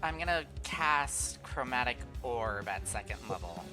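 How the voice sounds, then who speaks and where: A man's voice: medium pitch, sing-song, unhurried, music in the background. A man chatting casually as a player in a tabletop game, laughing often.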